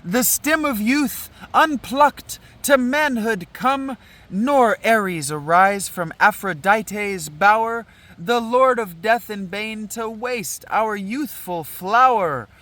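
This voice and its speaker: A man's voice: high-pitched, takes it slowly, bright, forceful tone, voice pushed up, exaggerated voice. A man reading a praying chorus of maidens. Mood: solemn. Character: chorus of young women praying for a city. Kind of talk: dramatic reading of an old play.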